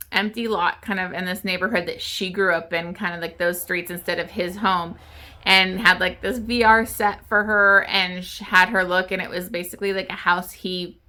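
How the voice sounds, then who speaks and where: A woman's voice: on the low side, sharp tone. Tearful woman rambling about a book. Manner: rambling, many fillers, emotional and tearful. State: crying. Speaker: book vlogger. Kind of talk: casual book review.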